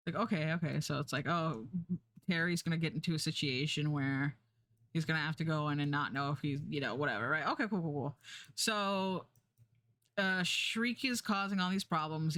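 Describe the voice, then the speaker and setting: A woman's voice: on the low side, a bit bright, no room sound. Rambling woman streamer, dry close sound. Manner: rambling, full of fillers and restarts, swears, laughs often. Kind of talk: casual chat.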